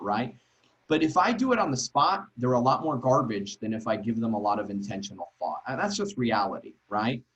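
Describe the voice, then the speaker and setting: Over a video call, a man leads an online teacher-training workshop, speaking conversationally and emphatically and ending sentences with quick questions to the group. His voice is mid-range, and the recording sounds muffled.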